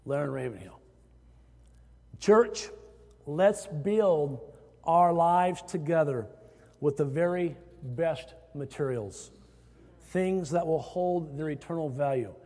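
A man's voice: on the high side, slow pace, dark tone. A man from Iowa, a pastor preaching a sermon to his congregation, stressing phrases as his voice rises. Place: church sanctuary. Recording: hall reverb.

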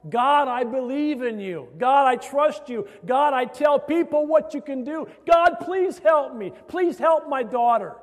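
A man's voice: a little slow, few pauses, long reverb tail. A man acting as a desperate mother crying out to God. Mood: desperate pleading. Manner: pleading, high and strained.

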